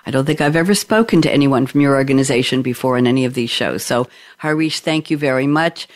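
A woman hosting a podcast and interviewing guests over a video call, chatty and lively. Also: rumbling low, fast. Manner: chatty, lively and often amused. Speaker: podcast host.

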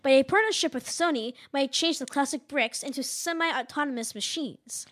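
Teen female podcast host, high voice, reads tech news, trips over words and jokes about it. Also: normal speed, a bit bright. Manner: reads news items aloud, stumbles and jokes at herself. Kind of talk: casual gadget news chat.

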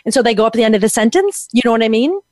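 A woman co-host gives a guest blunt, lively notes on their interview. She acts out the lines she wants to hear. The recording is dry and close, with little room sound. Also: fairly high pitch, very fast, no room sound. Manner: direct, animated, acts out quotes. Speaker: co-host giving media coaching feedback. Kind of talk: conversational critique.

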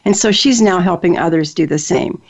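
A woman's voice: on the low side, a little fast. A woman hosting a talk show, speaking in an earnest, personal way with fillers and restarts. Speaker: host. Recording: dull lo-fi sound.

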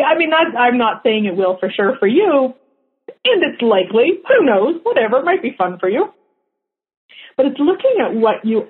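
A woman teaching a class in a chatty way, often laughing at her own jokes. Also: a little high. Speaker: workshop facilitator. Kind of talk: teaching talk. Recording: tinny phone-line sound.

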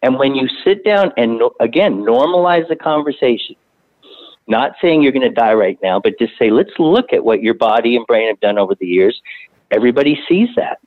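A man who works as a hospice doctor, calmly explaining things in a conversation. He often repeats words while he gathers his thoughts. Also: mid-range voice, a little fast, no echo. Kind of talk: casual interview conversation. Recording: tinny phone-line audio.

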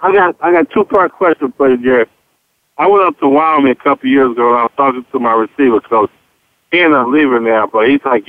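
A man co-hosting a casual sports talk radio show, animated, asking his partner questions and retelling conversations. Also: medium pitch, fast, no echo. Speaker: sports talk show co-host, former player. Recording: dry, tinny phone-like radio sound.

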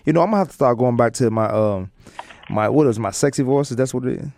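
A man's voice: medium pitch, fast talker, creaky, darkish tone, dry recording, studio quality. Easygoing male sports radio host. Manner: loose, joking, with many fillers and restarts. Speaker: sports talk show host. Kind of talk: casual sports radio chat.

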